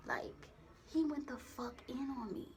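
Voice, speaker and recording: Speaking at a measured pace, this young woman has a high-pitched, slightly mellow voice with big swings in pitch, and a faint hiss or hum sits under the recording. She's filming a casual storytime on her phone, rambling openly and swearing freely amid plenty of slang.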